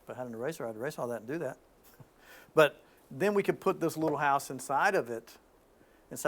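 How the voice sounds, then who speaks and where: A man hosting an informal spiritual talk, telling stories in an animated way with frequent restarts. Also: mid-range voice, fairly quick, long pauses, slight background noise.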